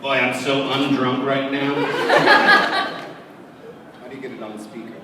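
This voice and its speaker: A man who is a voice actor, telling jokey stories on a convention panel and acting out the voices in them. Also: slow. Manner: animated, jokey, acts out quotes with big pitch jumps and laughs. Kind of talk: lively convention panel storytelling. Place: large convention hall. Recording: far-off echoey hall recording with noise.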